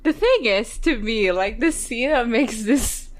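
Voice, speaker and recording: Woman, podcast co-host, casual chat, giggly, rambling, high voice. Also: expressive, measured pace. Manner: giggly, rambling, quotes characters in mock voices. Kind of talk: casual chat recapping a TV episode.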